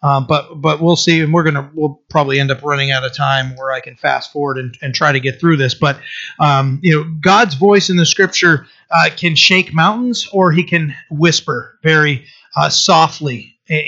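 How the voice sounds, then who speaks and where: Halting, bright-voiced male preacher. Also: on the high side, fairly even intonation. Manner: halting, many fillers and restarts. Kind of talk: sermon with scripture reading. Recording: dull lo-fi recording.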